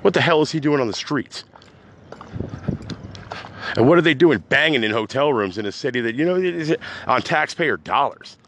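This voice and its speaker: A man hosting his own podcast, ranting unscripted, agitated and rambling, swinging between loud outbursts and low mutters. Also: animated, normal speed, long pauses, a little hiss or hum. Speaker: podcast host. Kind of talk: unscripted rant.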